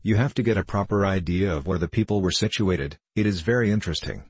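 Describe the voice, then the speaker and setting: An earnest young clerk who presses his point and explains at length, as a male reader puts him on. The voice is very deep and a little husky, close and dry. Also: fast, dry recording.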